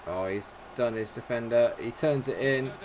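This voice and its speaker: A man giving live commentary over his own football video game, calm and chatty between chances and shouting when his side scores. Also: medium pitch, normal speed, a little hiss or hum. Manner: excitable football-style commentary, shouts at goals. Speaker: gaming YouTuber.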